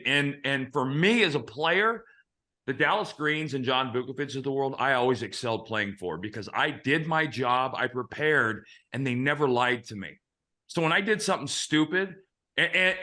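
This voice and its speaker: Male host, 50s, ex-pitcher; bright, forceful tone; blunt, profane anecdotal storyteller. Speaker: host, former big-league pitcher. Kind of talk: casual storytelling chat.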